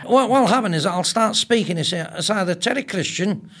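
A man's voice: sits high, moderate pace. An older man with a Scottish accent, a comedian guest telling stories in casual chat with many stammered restarts. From Scotland. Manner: animated storyteller with stammered restarts.

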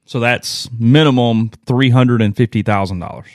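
A man's voice: medium pitch, moderate pace, no echo, studio quality. A man co-hosting a sports podcast in casual chat, rambling and self-deprecating as he tells stories.

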